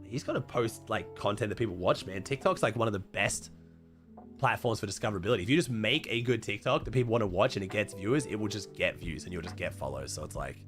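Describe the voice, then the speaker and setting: A young Australian man with a thick, raspy, hoarse voice, pitched low for a man, chatting casually to his stream viewers. He swears freely and his sentences trail off quietly. Faint music plays underneath. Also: animated, fast talker. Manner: loose and profane, trailing off quietly. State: hoarse from a chest infection. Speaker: streamer talking to chat. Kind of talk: casual livestream chat. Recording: faint music playing behind.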